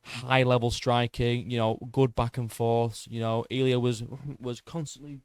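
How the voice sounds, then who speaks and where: A young man recapping a fight in an excitable, boastful way, swearing and tripping over his words. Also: mid-range voice, measured pace, clear, resonant tone, dry recording, clean studio sound. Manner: boastful, excitable, swears a lot, stumbles and repeats. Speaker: MMA YouTuber.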